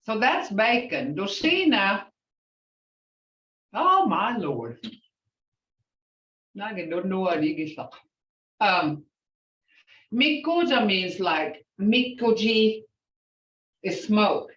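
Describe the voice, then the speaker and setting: An older woman teaches a language class at an unhurried pace, breaking words into syllables between chatty asides. Her voice comes from some way off the mic in a roomy space, with a dull tone. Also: medium pitch, very animated, a bit bright. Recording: echoey, distant, dull sound.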